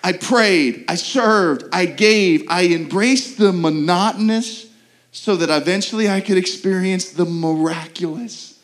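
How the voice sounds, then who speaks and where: A man preaching a sermon as pastor, earnest, with rhetorical questions and quick repeated restarts. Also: sits high, a bit bright.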